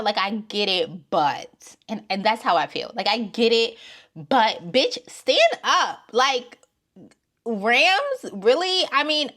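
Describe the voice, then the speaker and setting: Blunt, profane woman reviewing a show. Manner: swings from low mutters to loud exclamations. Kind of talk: casual opinion vlog commentary.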